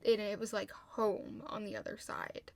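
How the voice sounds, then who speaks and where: A woman's voice: medium pitch, flat delivery, unhurried, darkish tone, no echo. Chatty young woman recapping, dry close sound. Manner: chatty, heavy "like" fillers, frequent swearing. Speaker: TV show recapper. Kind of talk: casual recap chat.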